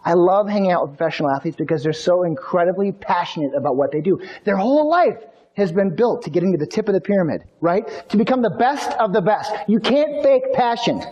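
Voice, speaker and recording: A man giving an energetic motivational keynote, telling stories and speaking straight to the audience. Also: high voice, brisk, dull audio. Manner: energetic, storytelling, addresses audience directly.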